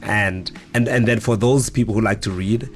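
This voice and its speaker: A man's voice: fairly low pitch, moderate pace. A middle-aged man, an author and guest, talking in a casual interview in a reflective, storytelling way with frequent restarts.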